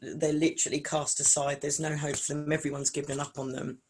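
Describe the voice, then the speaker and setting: This deep-voiced woman talks briskly, with slight noise in the background. She's a singer and vocal coach in her forties, chatting casually as an interview guest and performing the voices in her lively anecdotes.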